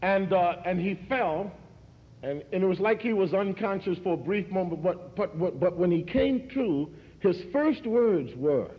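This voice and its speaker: A man in his forties from New York, giving a speech in a preacher's rhythmic cadence that repeats words and climbs in pitch. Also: expressive, a little slow. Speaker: speaker at a commemoration. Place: large hall. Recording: echoey hall, dull archival recording.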